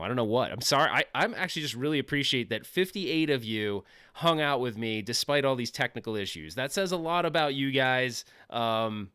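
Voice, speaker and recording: A man's voice: mid-range voice, fairly bright tone, clean tone, no echo, clean studio sound. A man hosting a casual livestream from his home office, rambling and joking, often laughing at himself. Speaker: livestream host.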